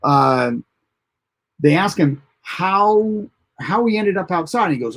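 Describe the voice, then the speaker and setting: A man's voice: fairly high pitch, expressive, takes it slowly, long pauses, husky. A man hosting a casual live TV episode review, recapping the plot in a rambling way with many fillers and restarts and chuckling at the funny parts. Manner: chuckles at funny moments while recounting. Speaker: host of a TV episode review show.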